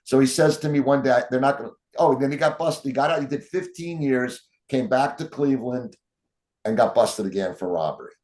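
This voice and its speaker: Man, interview guest, lively storyteller, quotes people with a change of voice, average pitch. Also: fairly quick. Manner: animated storyteller, acts out quotes.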